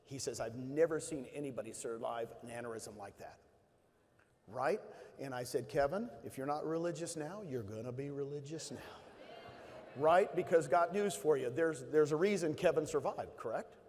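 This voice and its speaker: A man's voice: mid-range voice, moderate pace, darkish tone. A middle-aged man giving a motivational stage talk, telling stories with emphasis and repeating key phrases. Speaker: conference speaker. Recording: hall reverb.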